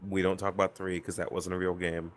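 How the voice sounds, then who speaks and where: A man's voice: sits low, little pitch movement, fast talker. A man explaining his opinions on games in a casual round-table chat. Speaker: panelist.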